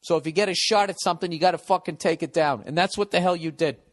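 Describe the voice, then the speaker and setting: A podcast host talking off the cuff in a blunt, cynical rant. He swears constantly and trips over his own words, restarting sentences as he goes. His voice sits somewhat high for a man. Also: fast. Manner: profane, rambling, stumbles and restarts.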